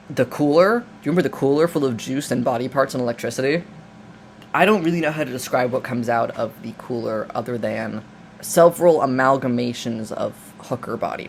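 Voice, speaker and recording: A man talking casually through a film plot, rambling and joking with many restarts and asides. His voice sits at a middling pitch. A faint air-conditioner hum runs underneath. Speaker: video essayist. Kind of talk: casual film recap and commentary.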